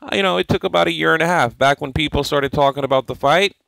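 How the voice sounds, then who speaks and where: Animated man hosting a boxing vlog. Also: on the high side, quick pace, gravelly, no room sound, poor audio. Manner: animated, laughing, repeats himself, mimics others. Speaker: boxing channel host. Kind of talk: casual commentary vlog.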